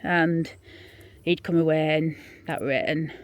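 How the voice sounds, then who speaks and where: A woman with a Yorkshire accent telling a local true-crime story in a chatty, rambling way while walking through a churchyard, sometimes dropping to a hushed near-whisper. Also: deep voice, steady tone, a little slow, no echo. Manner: chatty and rambling, drops to a hushed whisper when showing graves. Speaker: vlogger and graveyard guide. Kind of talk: casual storytelling walk-through. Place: outdoors in a churchyard.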